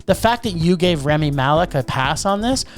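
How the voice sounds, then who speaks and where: A man co-hosting a casual movie review podcast, ranting with animated exasperation. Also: fairly high pitch, moderate pace. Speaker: podcast co-host.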